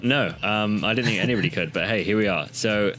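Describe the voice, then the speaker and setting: A man co-hosting a podcast in casual chat, relaxed and agreeable, with lots of hesitant fillers. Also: on the low side, a little fast, soft background music. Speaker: podcast co-host.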